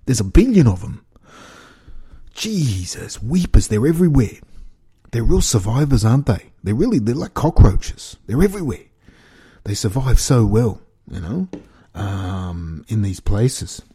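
An Australian man talks straight to camera in a loose, rambling rant. His voice sits fairly low, very dark and mellow, with a husky grain. He sounds incredulous and breaks into chuckles. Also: sing-song, measured pace. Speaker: vlogger. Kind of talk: casual rant monologue.

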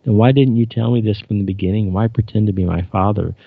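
A man reading the part of a resolute starship captain woman, gravelly low voice, plain read-aloud delivery, dull dry lo-fi sound. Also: steady tone, fast talker, no echo. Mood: defiant.

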